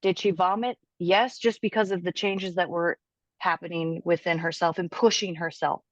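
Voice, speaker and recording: A woman personal trainer, a guest on a podcast, telling a client's story with animated quoting. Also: on the low side, moderate pace, dry recording. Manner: animated, quotes her client's words aloud.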